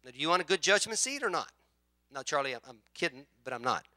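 High, bright-voiced preacher swinging quiet to loud. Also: male voice, very animated, quick pace. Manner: storytelling, acts out quoted voices, swings from quiet asides to shouting. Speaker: pastor. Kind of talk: sermon.

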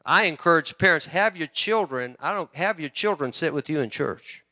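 A middle-aged man preaching a sermon as pastor, swinging between loud emphasis and quiet asides and often repeating words. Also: a little high, animated, normal speed, no room sound, clean studio sound.

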